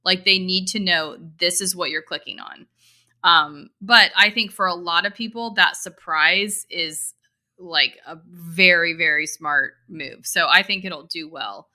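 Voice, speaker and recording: Her voice is lowish, bright and forceful, and she speaks a little slowly. An e-commerce marketer and co-host, she keeps the business chat casual and chatty, loose in her talk with many fillers and restarts.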